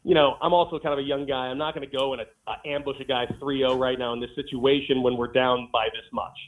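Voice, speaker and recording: A man's voice: mid-range voice, fast talker. A former ballplayer, a man, telling stories in an interview from a golf course and acting out the quotes. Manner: animated storyteller, acts out quotes. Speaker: former baseball player guest. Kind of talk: casual interview storytelling. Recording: tinny phone line.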